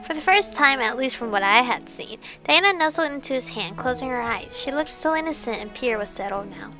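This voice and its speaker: A woman's voice: high voice, animated, fairly quick, music in the background. A young woman hosting a let's play, reading a romance game aloud and gushing with giggly, emotional reactions.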